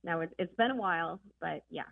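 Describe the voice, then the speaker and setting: A woman's voice: on the low side, a little fast, gravelly, no echo. A woman caller from northern Minnesota telling a chatty story on a call to a radio show. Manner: chatty, storytelling with small laughs. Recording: tinny phone line.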